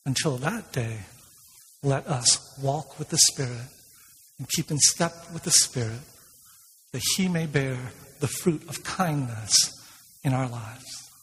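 A male pastor preaching a sermon in a church, asking the congregation questions and telling stories in a lively way. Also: medium pitch, takes it slowly, a little hiss or hum. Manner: retells a film scene with lively storytelling. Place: church sanctuary. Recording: long reverb of a large hall.

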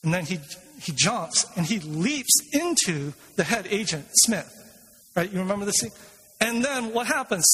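A male pastor preaching a sermon in a church, asking the congregation questions and telling stories in a lively way. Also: sits high, husky. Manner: retells a film scene with lively storytelling. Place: church sanctuary. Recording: long reverb of a large hall.

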